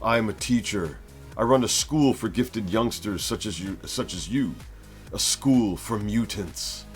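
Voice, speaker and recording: A man voicing a calm older male teacher of mutants, read plainly in his own voice. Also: on the low side, a little slow, faint music behind, lightly acted. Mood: reassuring.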